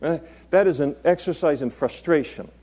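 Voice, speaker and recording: Mellow-voiced man preaching a sermon. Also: fairly high pitch, normal speed, husky. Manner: conversational, with chuckles and playful asides. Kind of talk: expository sermon.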